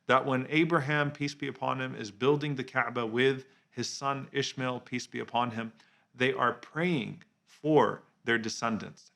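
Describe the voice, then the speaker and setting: A man giving a reflective religious talk as a preacher, earnest and measured, slowing down on key phrases and dropping softly on the honorific blessings. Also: mid-range voice. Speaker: Islamic preacher.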